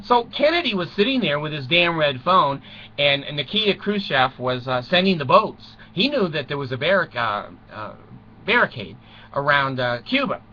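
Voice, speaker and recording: A man's voice: fairly high pitch, very animated, normal speed, pushed and bright, lo-fi sound. A man in his sixties from the United States, telling a rambling comic story and chuckling through his own jokes. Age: 60s.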